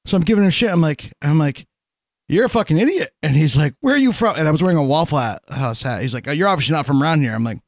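A man from Vermont telling a profane, animated story in casual podcast chat. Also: fairly high pitch, rapid-fire, hardly any pauses, dry recording, studio quality.

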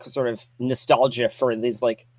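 A man's voice: medium pitch, level tone, a little slow, a little mellow. A man co-hosting a casual movie podcast, asking wry, teasing questions. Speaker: podcast co-host.

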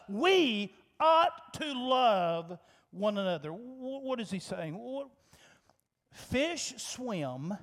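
A man preaching a sermon as pastor in a church, impassioned, repeating phrases for emphasis and breaking into shouts. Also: extremely high pitch, big pitch swings, drawn-out words, in a large hall.

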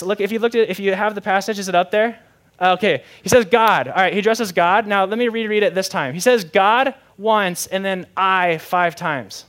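A young man preaching a sermon in a lively, conversational way, often asking the audience questions. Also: high-pitched. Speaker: pastor.

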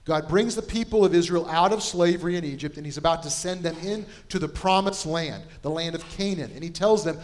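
A man's voice: fairly high pitch, fairly quick, hardly any pauses. A middle-aged male pastor preaching a sermon in a conversational, anecdotal way, with self-deprecating asides. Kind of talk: storytelling sermon.

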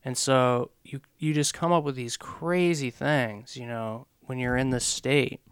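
Man, hesitant reflective storytelling, smooth resonant voice, dry close sound. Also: mid-range voice, steady tone, a little slow, no echo. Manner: hesitant and reflective, many fillers. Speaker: podcast co-host, father sharing his story. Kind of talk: candid personal storytelling.

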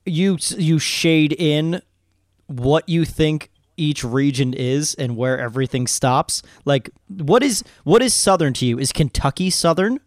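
A man's voice: on the high side, animated, a little slow, dry recording, studio quality. A man hosting a casual podcast chat, teasing his co-hosts and laughing often. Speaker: podcast host. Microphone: studio microphone.

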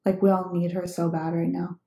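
A woman in her thirties co-hosting a casual podcast with her husband, speaking calmly and thoughtfully and often agreeing with him. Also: fairly low pitch, a little fast. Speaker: podcast co-host. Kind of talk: casual chat with spouse. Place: room at home. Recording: roomy home recording.

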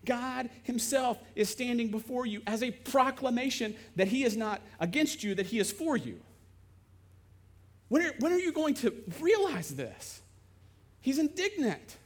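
A man's voice: sits high, animated, normal speed. A man voicing an indignant, frustrated Jesus who fires off emphatic questions, in a dramatized sermon monologue. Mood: exasperated. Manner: exasperated, emphatic rhetorical questions.

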